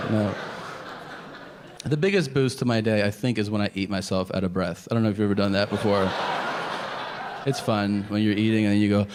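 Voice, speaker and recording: A man's voice: on the low side, fairly even intonation, a little fast, pauses often. Male stand-up, self-deprecating, quotes voices; live room noise behind. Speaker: stand-up comedian. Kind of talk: stand-up comedy monologue. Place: comedy stage before an audience.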